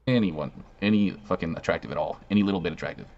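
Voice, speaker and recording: A man with a very low voice rattles off contemptuous insults, pausing and restarting as he goes. The audio is dull and lo-fi, as if played back from a video. A faint hiss sits underneath. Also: vocal fry.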